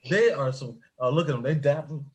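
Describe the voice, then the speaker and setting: Man, airport shuttle driver, pun-loving storyteller, laughs a lot, high animated voice. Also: a little fast, heavy background noise. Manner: jokey wordplay, laughs often. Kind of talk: casual chat, telling work stories.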